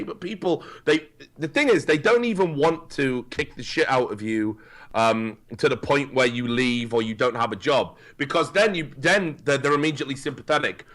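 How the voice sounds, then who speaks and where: A man's voice: fairly high pitch, fairly bright tone. A man co-hosting a podcast, ranting bluntly and with a lot of profanity in casual chat. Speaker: podcast co-host.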